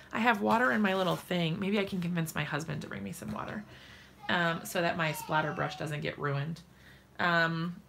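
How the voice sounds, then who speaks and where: Chatty woman with a gravelly edge. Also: lowish voice, bright, forceful tone, slight background noise. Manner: chatty, laughs often, talks straight to viewers. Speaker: crafting livestream host. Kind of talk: casual crafting demo chat. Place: home craft desk.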